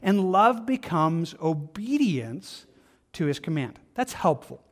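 An American man, a pastor, preaching a conversational sermon and acting out people's excuses in quick little voices. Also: on the high side, sing-song.

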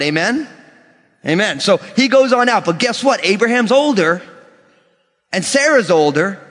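Pastor guy preaching, high voice, echo of a big church hall. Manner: animated preaching, acting out quoted voices. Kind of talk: sermon. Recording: long church reverb.

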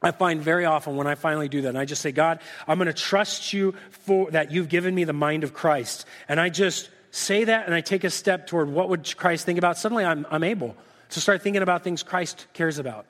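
A middle-aged male pastor preaching a sermon, acting out lively back-and-forth dialogues with God. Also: a little high, brisk. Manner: animated, acts out dialogue with God in different voices. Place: church sanctuary. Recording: reverberant church hall.

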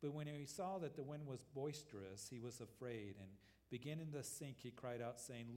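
A man's voice: medium pitch, moderate pace, hardly any pauses. Man preaching in a reverberant hall. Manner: earnest expository preaching with lively quoted asides. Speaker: pastor. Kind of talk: sermon. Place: church sanctuary.

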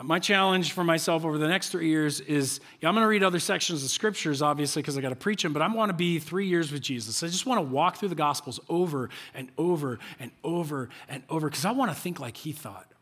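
Pastor guy, kinda high voice, animated sermon, keeps repeating himself and asking questions. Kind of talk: conversational sermon. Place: church.

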